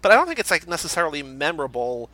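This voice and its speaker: A man hosting a casual movie podcast, running through award categories in a quick, upbeat way. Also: on the high side, sing-song, sharp tone, no room sound. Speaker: podcast host.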